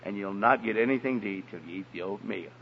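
A man voicing a kind but firm mother who speaks softly and calmly, heard as a dull recording in an echoey hall. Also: lowish voice, fast talker, vocal fry, a little hiss or hum, pitched below the performer's own voice. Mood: gentle firm. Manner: soft, gentle, quiet.

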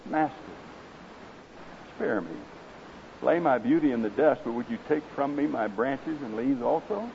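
A man voicing a humble, devoted male bamboo tree that speaks softly and tremblingly. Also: mid-range voice, measured pace, creaky, pauses often. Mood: pleading. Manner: soft, hushed and trembling. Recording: slightly dull with faint hiss.

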